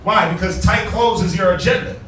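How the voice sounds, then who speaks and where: A high-voiced man teaches his class with emphatic rhetorical questions and street slang. He sounds far from the mic in a very echoey room. Faint noise sits underneath. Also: a little fast, a bit bright. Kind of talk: preaching class lesson.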